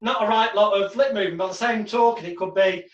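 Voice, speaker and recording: A man's voice: high-pitched, fast. A man teaching hypnosis in a casual monologue, telling stories and acting out what people said. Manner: lively storyteller who acts out quotes. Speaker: hypnosis trainer. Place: home room in front of a backdrop. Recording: roomy, distant, dull sound.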